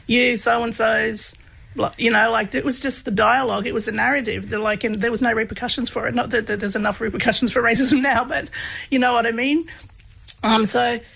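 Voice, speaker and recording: A woman tells a personal story in a relaxed, halting way, pausing often on fillers. Her voice sits a little high, with a husky, gravelly texture. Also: low-quality recording. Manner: hesitant, many fillers, laughs while telling. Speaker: guest, researcher of comedy.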